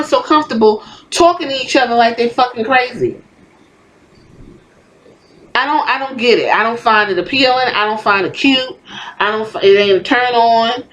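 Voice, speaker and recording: Woman, podcast host, profane heated rant, higher voice. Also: animated, moderate pace, a little hiss or hum, rough recording. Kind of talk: opinionated commentary rant.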